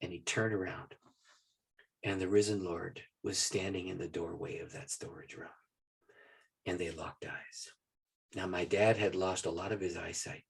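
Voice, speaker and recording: Husky low-voiced male storyteller. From Maine. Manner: animated storyteller who drops to a hushed voice for solemn moments. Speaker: guest speaker on prayer. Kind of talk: personal storytelling in a podcast interview.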